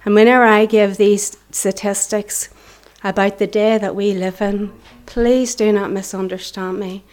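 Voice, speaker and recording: A woman's voice: medium pitch, flat delivery, a little slow, a little mellow. A middle-aged woman with a Northern Irish accent speaks to a church congregation. Her preaching is earnest and impassioned, and at times she falls to a near whisper. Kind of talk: preaching testimony.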